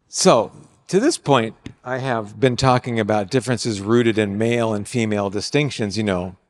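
An older man preaching on marriage, animated, acting out quoted lines with bursts of loud exclamation. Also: lowish voice, normal speed. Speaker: speaker on marriage. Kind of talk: sermon. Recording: long hall reverb.

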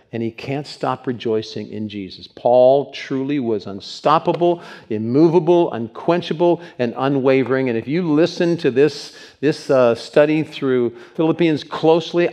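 A man's voice: medium pitch, a little mellow. Emphatic male pastor preaching. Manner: emphatic, builds lists of words. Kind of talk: sermon.

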